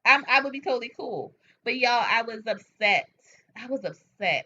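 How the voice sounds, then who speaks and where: Woman livestream host, frank and animated, bright voice, dull lo-fi webcam sound. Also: a little high, moderate pace, slightly rough. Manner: animated, frank, reads out and answers viewer comments. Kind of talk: casual chat with viewers. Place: home, at night. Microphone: webcam or phone mic.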